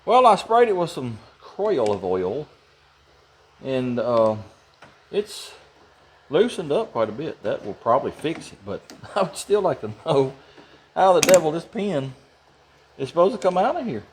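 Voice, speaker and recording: Folksy garage host, fairly high and lively voice, chuckles as he tinkers. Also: a little slow, long pauses, slight background noise. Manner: folksy, chuckling, grumbles about engineers. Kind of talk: casual workshop narration.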